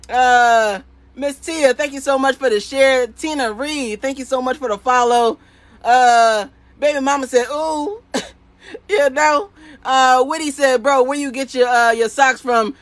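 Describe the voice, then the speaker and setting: A man hosting a live stream, reading viewer comments aloud in an excitable, playful way, laughing often and repeating catchphrases. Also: very high-pitched, no echo. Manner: hype, playful banter with viewers. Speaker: sock printing business owner.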